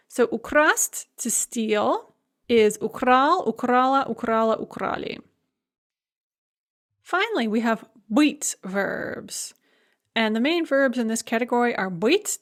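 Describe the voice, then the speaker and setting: A woman with a somewhat high voice delivers a recorded lecture. She works through each verb form one by one, calm and methodical. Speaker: language teacher.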